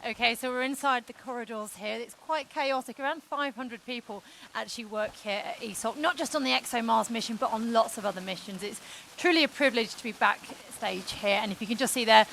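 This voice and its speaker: A woman's voice: a little high, fairly quick, creaky, a bit bright, a little hiss or hum, rough recording. A woman presenting a live broadcast, upbeat and chatty as she guides viewers on a walk through a busy mission-control building.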